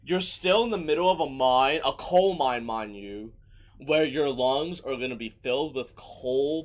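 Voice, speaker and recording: A young man doing let's play commentary, loud, excitable and profane, yelling at the characters. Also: on the high side. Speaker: gaming streamer.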